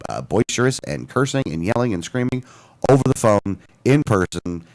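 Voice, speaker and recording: Lebhafter Mann, der ein Telefonat nacherzählt. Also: male voice, mid-range voice, moderate pace, creaky. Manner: animated storyteller, lots of restarts and quoted dialogue. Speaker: radio show co-host. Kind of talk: casual chat, retelling a phone call.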